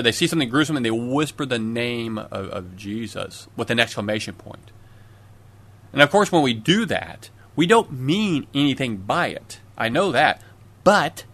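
A man's voice: mid-range voice, fairly bright tone. Earnest male preacher, conversational. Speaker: pastor. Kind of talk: radio sermon.

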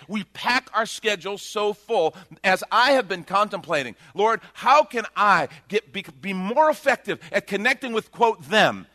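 A man preaching to his congregation with a bright, forceful voice, pitched a little high for a man. He moves between quiet, slow reflection and loud, quick bursts of self-mocking humor. The sound is close and dry. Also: dry recording. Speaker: pastor. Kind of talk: sermon.

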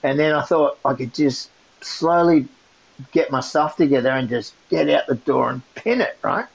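A man's voice: a little high, normal speed, creaky. A man telling a story in a casual chat, laughing often as he goes. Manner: laughing often, animated retelling. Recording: muffled lo-fi sound.

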